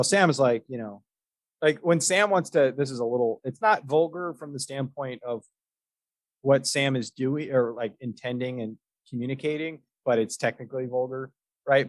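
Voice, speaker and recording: A man's voice: medium pitch, no echo. Casual podcast host man, dry sound. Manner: rambling storyteller, many fillers and restarts, laughs often. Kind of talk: casual chat.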